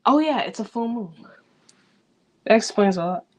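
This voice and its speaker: A woman's voice: medium pitch, animated, moderate pace, a little mellow. A grieving woman, rambling loosely and cursing freely in a personal vlog. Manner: rambling, profane, loose and unfiltered. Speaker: vlogger.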